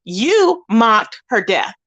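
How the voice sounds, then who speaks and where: A woman's voice: fairly high pitch, sing-song, very slow, fairly bright tone. A woman hosting a livestream, ranting indignantly and emphatically while greeting chat viewers. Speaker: livestream host. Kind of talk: heated livestream rant.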